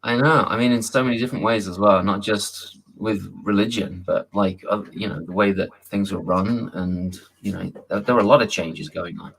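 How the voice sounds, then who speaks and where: British man, low-pitched, jokey casual chat host, laughs a lot. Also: moderate pace, vocal fry, hardly any pauses, a bit bright, slightly rough, poor audio. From Britain. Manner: chatty, jokey, laughs often.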